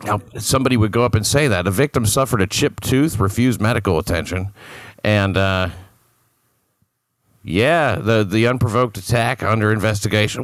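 A man reads crime stories on a podcast in a fairly low voice, dropping dry, sardonic asides as he goes. The sound is close and dry, with no room in it. He keeps the tone of casual banter. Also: normal speed, no room sound. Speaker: podcast guest reading crime news.

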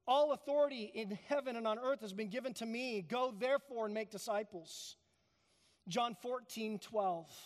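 A pastor preaching a sermon in a church, emphatic, building to loud peaks and then dropping soft. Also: male voice, high voice, in a large hall. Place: church sanctuary.

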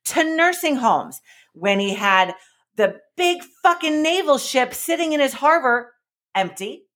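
A woman's voice: sits high, sing-song, unhurried, fairly bright tone. A woman co-hosting a casual political podcast, trading sarcastic, profane banter. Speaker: podcast co-host.

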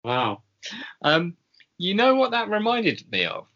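A man's voice: high voice, wildly swooping pitch, slow pace, pushed and bright. A man co-hosting a casual podcast chat, rambling with lots of ums and small laughs. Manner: rambling, hesitant with many ums, chuckling. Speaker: podcast co-host. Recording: dull lo-fi recording.

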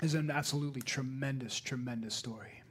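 A man's voice: medium pitch, a little fast, noisy background. A male pastor preaching a sermon to his congregation, emphatic and repeating key phrases for weight.

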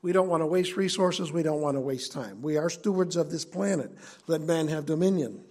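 A male preacher delivers an earnest sermon with a high, husky voice. He teaches in a conversational tone and stresses his key points. The delivery stays plain and direct. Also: a little fast, darkish tone.

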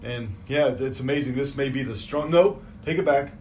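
A man's voice: medium pitch, a little mellow. Joking, profane man, faint room hiss. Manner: joking, profane, quick asides. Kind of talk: casual chat.

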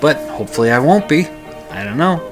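A man's voice: a little high, big pitch swings, a little fast, over music. A man hosting his own talk radio show, chatting alone in a rambling way with many restarts. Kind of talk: casual solo podcast monologue.

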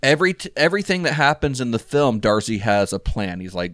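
A man's voice: mid-range voice, big pitch swings, a little fast, few pauses, fairly bright tone, dry recording. Man, casual film chat, rambling with restarts, dry close sound. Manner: rambling, many fillers and restarts. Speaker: podcast co-host.

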